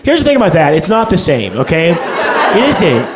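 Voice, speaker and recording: A man's voice: a little high, huge pitch swings, moderate pace. A young man doing a rambling, profane, self-deprecating stand-up set on a comedy stage. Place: comedy stage before a live audience. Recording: live club recording with loud crowd noise.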